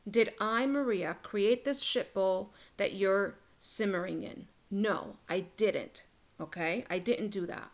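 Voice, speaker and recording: A woman's voice: medium pitch, takes it slowly. A woman hosting a solo relationship podcast, talking in a blunt, casual, profane and emphatic way. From Latin American heritage. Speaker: podcast host, relationship coach.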